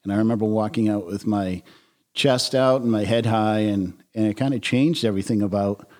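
Reflective low-voiced man as guest. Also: a little fast, darkish tone. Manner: reflective, many fillers like "you know". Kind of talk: conversational interview.

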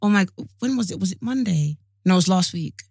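A young woman from England, co-hosting a podcast in casual chat and telling stories expressively with sharp exclamations. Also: on the low side, animated, fairly quick, husky, no echo, clean studio sound. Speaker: podcast co-host.

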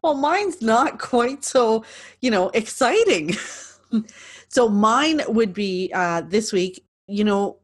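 A woman's voice: a little high, expressive, takes it slowly. A woman co-hosting a podcast, chatting casually in an easygoing way. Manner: easygoing, laughs often. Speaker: podcast co-host. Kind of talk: casual chat.

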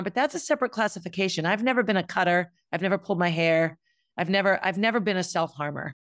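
Blunt, candid woman with a low voice. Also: no room sound, clean studio sound. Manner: blunt, candid, self-reflective. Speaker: podcast host. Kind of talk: personal confessional monologue.

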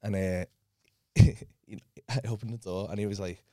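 A young man, a comedian telling animated, sweary stories in casual podcast chat. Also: lowish voice, normal speed, dry recording, studio quality.

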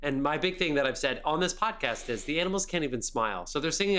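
A man's voice: a little high, fast talker. A young man co-hosting a podcast, ranting about a movie with lots of swearing and mocking quotes. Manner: animated ranting with profanity and mock quotes. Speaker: podcast co-host. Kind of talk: casual movie review chat.

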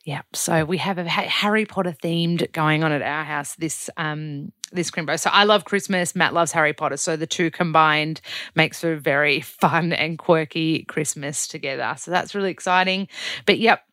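A woman with an Australian accent and a low voice, giving an upbeat, casual diary-style check-in as a podcast host in a studio. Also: moderate pace, a bit bright, dry recording. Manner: chatty, upbeat, self-deprecating.

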